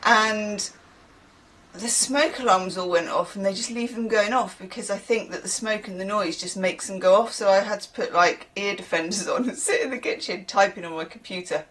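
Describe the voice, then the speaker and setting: A woman's voice: mid-range voice, moderate pace, a bit bright. A woman from the UK, a tarot reader who chats in a rambling way, with laughing asides. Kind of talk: casual chatty reading.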